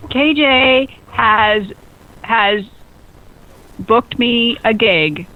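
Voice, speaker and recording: A woman hosting a radio show, chatty and excitable, quick to laugh. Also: on the high side. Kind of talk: lively casual radio chat. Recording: phone-like narrow band radio sound.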